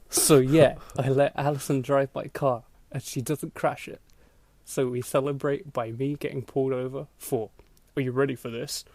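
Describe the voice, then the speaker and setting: A man's voice: medium pitch, steady tone, moderate pace, darkish tone. A man hosting a podcast, reading an old story aloud for laughs, breaking into laughter and acting out the lines. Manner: laughing through a mocking read, acting out voices. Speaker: podcast host. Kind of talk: comedic dramatic reading of an old blog post.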